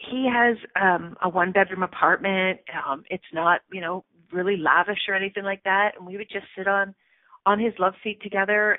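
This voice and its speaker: A woman's voice: mid-range voice, no echo. A middle-aged woman hosting a radio talk show, telling a personal story in a candid, chatty way, teary at times. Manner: candid, chatty, emotional, frequent fillers. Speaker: radio show host and coach. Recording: tinny phone line.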